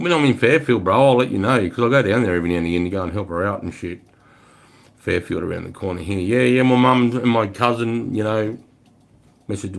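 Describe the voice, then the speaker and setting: A man in his forties with an Australian accent and a slightly low voice. He talks loosely on a livestream, answering viewers. His speech is blunt and heavy with swearing, and he throws in "mate" and "bro" all the time. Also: vocal fry. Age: 40s. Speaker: livestream host.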